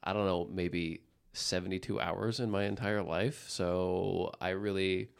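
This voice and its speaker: A man hosting a casual interview podcast, joking and tossing in quick interjections. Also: deep voice, steady tone, gravelly, smooth. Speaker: podcast host. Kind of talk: casual interview, reads ad spot.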